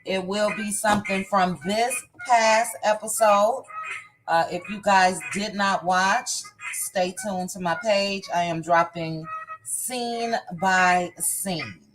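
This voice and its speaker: A woman's voice: mid-range voice, takes it slowly, music in the background, poor audio. A woman hosting a casual live stream, greeting viewers by name one after another. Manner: warm shout-outs, reading names one by one.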